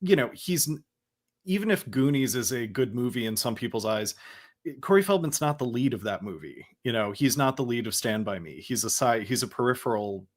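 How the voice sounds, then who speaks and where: A man's voice: mid-range voice, animated, brisk. A man co-hosting a podcast, chatting in a laid-back, agreeable way with many fillers. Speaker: podcast co-host. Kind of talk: casual podcast chat.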